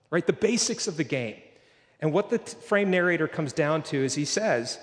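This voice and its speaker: A man preaching a sermon in a church, earnest, slowing down to read scripture. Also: a little high, lively intonation, big-room sound. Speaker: pastor.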